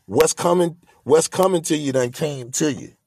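A man's voice: fairly high pitch, moderate pace, darkish tone, husky, dry recording. A man hosting a podcast, delivering a motivational monologue in an emphatic, preachy way, repeating his points. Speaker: podcast host.

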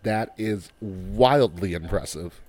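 A man co-hosting a casual chat, talking in a measured, analytical way. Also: on the low side, a little mellow. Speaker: podcast co-host.

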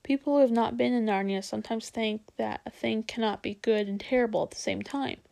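A woman reading a storybook aloud in an unhurried way, with small slips and restarts. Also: on the high side, vocal fry, dark tone.

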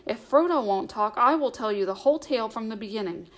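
A woman reading the lines of a lively, cheeky young male hobbit in an audiobook, eager and teasing. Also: a little high, fast.

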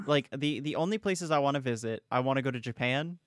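Young male podcast co-host, animated, profane, very dry sound. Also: medium pitch, fast talker, no echo. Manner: animated, swears a lot, says "bro" and "dude". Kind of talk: casual chat.

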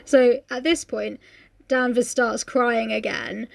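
A woman's voice: fairly high pitch, steady tone, slow, creaky. A woman co-hosting a casual book chat, swearing freely and reading passages aloud. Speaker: podcast co-host.

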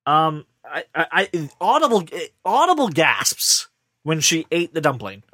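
A man in his thirties co-hosting a podcast, chatting about a movie in an animated, laughing, self-mocking way. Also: a little high, a little slow, no room sound, studio quality. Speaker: podcast co-host. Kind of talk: casual movie chat.

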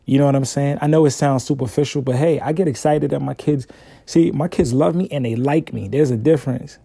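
A man's voice: medium pitch, a little fast, gravelly, warm tone, slightly rough, no room sound, clean studio sound. A man hosting a casual solo podcast, talking in a laid-back, slangy, conversational way. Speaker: podcast host, father.

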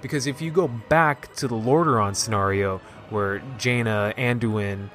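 A man at an ordinary middle pitch, chatting excitedly through a game's story. He rambles and leans on "like" as he goes, with faint music under him. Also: unhurried. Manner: excited, rambling, heavy use of "like". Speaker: gaming video host. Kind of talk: casual game story recap.

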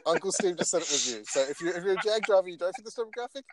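A man's voice: high voice, racing, a crowd in the background. A young man co-hosting a car podcast, joking and mocking in casual chat. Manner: jokey, animated, mocking asides. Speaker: podcast co-host.

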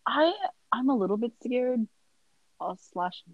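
A woman's voice: fairly high pitch, unhurried, no echo, narrow, tinny audio. A young woman chatting casually as a guest, rambling through stories with lots of filler words. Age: young adult. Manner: rambling storyteller. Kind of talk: casual chat.

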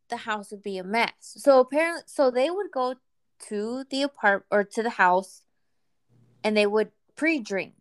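Smooth-voiced woman telling a story. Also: mid-range voice. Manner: relaxed, chatty, acts out quoted voices. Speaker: guest telling a personal story. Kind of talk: casual storytelling chat.

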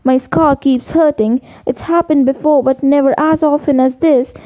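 Storybook read-aloud: a worried, pressing teenage boy wizard, read by a woman, high-pitched. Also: steady tone, normal speed, no echo, natural voice. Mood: urgent. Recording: dull lo-fi recording.

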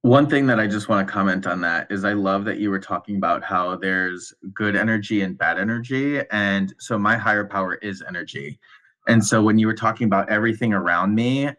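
Guy with a bright edgy voice, kinda low, sincere co-host vibe. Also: a little fast. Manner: sincere, appreciative. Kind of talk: casual conversation.

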